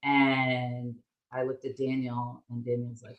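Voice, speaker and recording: A woman's voice: a bass voice, normal speed. Candid woman telling a story in a roomy room. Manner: animated, candid, swears freely. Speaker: podcast co-host. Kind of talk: casual storytelling chat. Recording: roomy echo.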